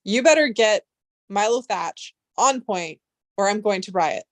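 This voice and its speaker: A young woman chatting casually on a livestream, rambling and excitable, swearing freely. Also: mid-range voice, unhurried, no room sound. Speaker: livestream host.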